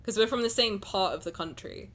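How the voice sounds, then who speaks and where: A woman's voice: medium pitch, brisk, fairly bright tone. A young woman from England with a southern English accent and a slight transatlantic lilt, chatting casually with her live stream chat in a rambling way. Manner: rambling, chatty, lots of "like" fillers.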